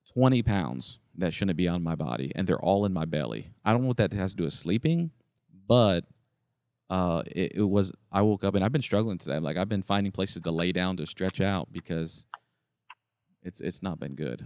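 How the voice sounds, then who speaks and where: A man's voice: low-pitched, expressive, moderate pace, darkish tone, no room sound, studio quality. A middle-aged man co-hosting a podcast in casual chat, rambling and describing what he sees around him at a campground. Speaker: podcast co-host. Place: campground, indoors in a noisy shared space.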